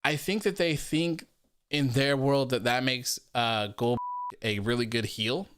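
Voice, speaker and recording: A man's voice: medium pitch, unhurried, background noise. Chatty young man hosting a wrestling show. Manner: chatty, reads viewer comments aloud, laughs often. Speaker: host of a wrestling post-show. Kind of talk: casual live-stream commentary.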